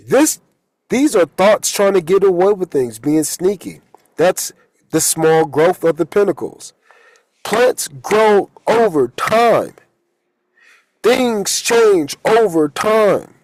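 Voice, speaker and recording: Slow, profane spiritual coach, a man. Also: on the high side, darkish tone, dry recording, poor audio. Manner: loose and profane, laughing at own jokes. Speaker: holistic coach and tarot reader. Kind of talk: casual spiritual talk.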